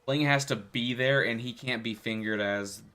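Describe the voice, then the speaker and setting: A man's voice: medium pitch, normal speed, very noisy. A man running a tabletop role-playing game as game master, narrating and voicing the characters casually.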